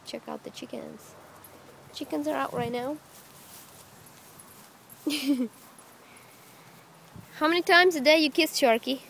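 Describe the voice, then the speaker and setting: Out in her back yard, a woman films her dog and rabbit on a handheld phone, coaxing them in baby talk with short, sing-song questions. Her voice is high, slow and creaky with frequent pauses and a fairly bright tone, and there's a slight hiss or hum.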